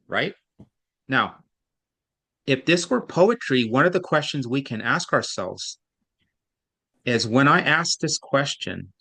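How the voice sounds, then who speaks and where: A man's voice: mid-range voice, takes it slowly, pushed and bright. A man tutoring a student in reading, explaining patiently and at length, with frequent restarts. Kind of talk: one-on-one online tutoring.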